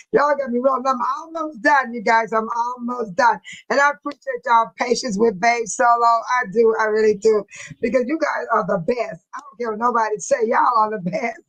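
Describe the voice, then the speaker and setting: A woman's voice: a little high, fairly bright tone, poor audio. A woman hosting a casual livestream, talking straight to her viewers and laughing often. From Texas. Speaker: livestream host.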